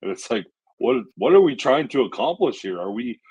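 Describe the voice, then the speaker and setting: A man co-hosting a podcast, talking casually in a measured way with lots of "you know" and "right?". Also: medium pitch, very animated, creaky, darkish tone, husky, no echo, muffled recording. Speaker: podcast co-host. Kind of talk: casual chat.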